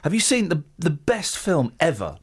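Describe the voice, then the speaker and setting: A man's voice: a little high, sing-song, moderate pace, husky. A man in his forties hosting a radio show, rambling and joking with restarts in casual banter. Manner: rambling, jokey, stumbles and restarts. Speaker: radio host.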